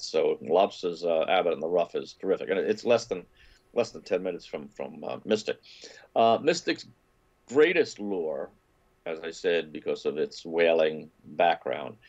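Low-voiced guy rambling about travel, lots of restarts, kinda muffled lo-fi call audio. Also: darkish tone. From New York area. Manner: rambling, restarts often, enthusiastic. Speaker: travel and food writer guest. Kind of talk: casual interview chat.

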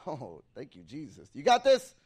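A man preaching an excitable sermon in a church, pausing for a live interpreter and calling out to the congregation. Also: on the high side, slightly rough. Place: church sanctuary.

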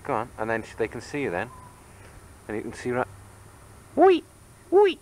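Filming a home video at the family house, a man with a medium-pitched voice speaks at a moderate pace, playfully teasing and coaxing his toddler in an animated way. The audio from the camcorder microphone is poor.

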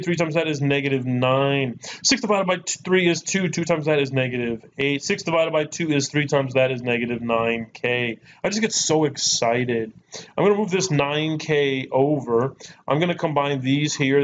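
A man teaching a math lesson in a chatty, joking way, repeating key points. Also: medium pitch. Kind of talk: recorded lesson. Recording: dull lo-fi recording with faint noise.

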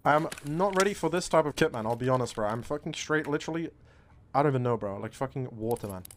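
A man streaming a shooter game, chatting casually to his viewers, excitable and swearing often, calling everyone bro. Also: mid-range voice, fast talker. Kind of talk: casual live-stream commentary.

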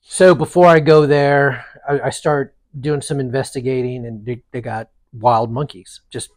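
A man casually telling a long story on a podcast, animated and rambling with frequent restarts. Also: mid-range voice, a little slow, no echo, studio quality. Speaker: podcast co-host.

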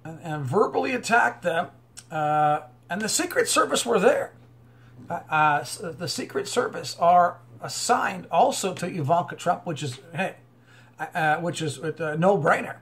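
High-voiced man ranting over news. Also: lively intonation, unhurried, a bit bright. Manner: rambling, many fillers and restarts, preachy. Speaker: online commentator. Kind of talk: unscripted commentary reading news aloud.

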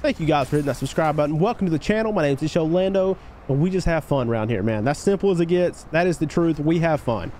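A man live-streaming a game, chatting casually with his viewers and hyping up shout-outs to chat. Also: animated, quick pace, few pauses, slight background noise. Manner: hyped shout-outs to chat, voice jumping high on greetings; laid-back, easygoing talk between shout-outs.

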